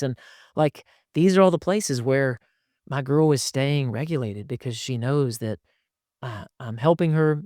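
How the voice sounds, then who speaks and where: A man hosting a casual advice podcast, animated and slipping into quoted voices as he talks. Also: mid-range voice, dry recording, clean studio sound. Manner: animated, acts out quoted lines in shifting voices. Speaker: podcast host.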